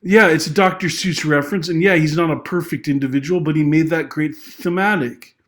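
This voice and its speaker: A man's voice: fairly high pitch, brisk, a bit bright. A young adult man giving an unscripted personal monologue of social commentary, emotional and rambling, with many restarts and apologies, his voice climbing when he gets angry. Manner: agitated, voice rising when angry.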